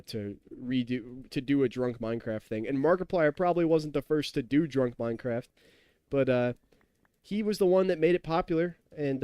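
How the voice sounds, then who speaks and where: A man's voice: mid-range voice, darkish tone, clean tone, no echo. A tipsy young man in his twenties streaming a game, rambling and chatty, laughing and talking to his chat. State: tipsy from drinking. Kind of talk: casual live-stream chat while gaming.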